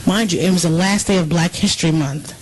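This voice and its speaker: A woman's voice: fairly low pitch, brisk, breathy edge, poor audio. A woman on a radio talk show telling a personal story in an earnest, emotional way.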